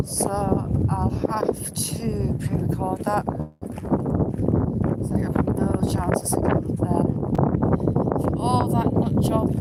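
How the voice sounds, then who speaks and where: A woman chatting casually to viewers as she walks through the countryside, rambling and talking to the animals she passes. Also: medium pitch. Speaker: vlogger walking outdoors. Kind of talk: casual live walking chat. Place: outdoors in the countryside, windy. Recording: loud wind noise outdoors.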